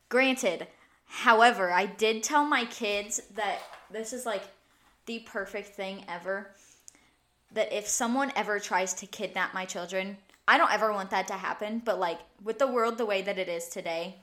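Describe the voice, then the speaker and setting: A woman with a bright, forceful voice co-hosts a relaxed podcast chat. She talks in a chatty, laughing way, her sentences full of "like". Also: mid-range voice. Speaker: podcast co-host. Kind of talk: casual chat.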